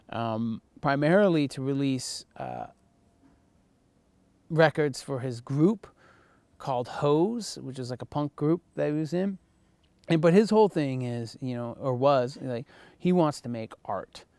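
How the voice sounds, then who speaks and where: A man's voice: mid-range voice, vocal fry, a little mellow, clean tone, no room sound. Casual swearing male lecturer. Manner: loose, profane, filler-heavy delivery. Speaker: college lecturer.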